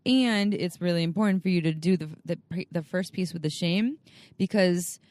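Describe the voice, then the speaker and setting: Low-pitched woman coaching on a podcast. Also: normal speed, a little mellow, no echo. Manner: earnest, coaching, many restarts. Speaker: podcast co-host. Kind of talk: casual podcast chat.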